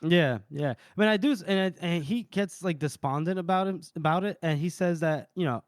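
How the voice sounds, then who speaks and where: This book podcast co-host has a somewhat high voice and talks fairly fast with few pauses as he retells a chapter, quickly acting out characters' lines. The audio has no echo.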